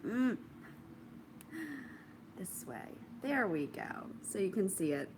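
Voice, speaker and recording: A woman's voice: mid-range voice, expressive, takes it slowly, noisy background. Chatty woman podcaster, knitting show-and-tell. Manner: chatty, self-amused, trails into soft asides. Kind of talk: casual show-and-tell chat to camera.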